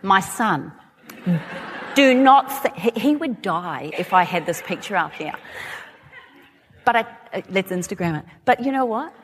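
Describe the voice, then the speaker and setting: Australian woman, forties, lively chatty stage talk, long hall reverb. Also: mid-range voice, unhurried, long pauses, a little hiss or hum. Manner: chatty, animated, laughing asides. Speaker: speaker. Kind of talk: talk to a live audience.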